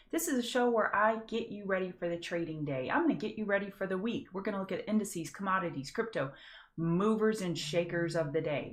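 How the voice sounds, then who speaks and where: A woman from Louisiana with a Southern accent, hosting a casual live pre-market trading show, folksy and chatty, greeting viewers by name and slowing down to enunciate. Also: on the low side. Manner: slows down to enunciate carefully.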